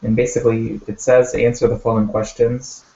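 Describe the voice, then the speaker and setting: A man teaching a language lesson, taking his time and talking it through with lots of ums and pauses. His voice is mellow and a little dark. The sound is dull and bounces around an echoey room. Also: mid-range voice, flat delivery. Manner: patient, step-by-step explaining with many fillers.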